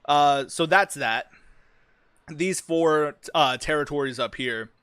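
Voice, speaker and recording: A man's voice: a little high, slow pace, fairly bright tone, clear, resonant tone, no room sound. A man streaming, talking casually and profanely about a fantasy world he is building, with lots of fillers and restarts. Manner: rambling, profane, many fillers.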